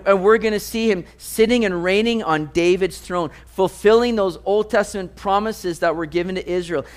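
A man preaching a sermon, reading scripture and explaining it with animated, playful asides. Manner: animated, jumps to high mock voices for jokes. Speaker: pastor.

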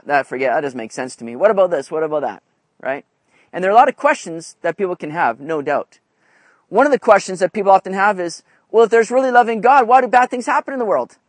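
A man's voice: sits high, no echo. A man preaching a conversational sermon, often checking in with his listeners. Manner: conversational, asks "right?" often. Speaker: pastor.

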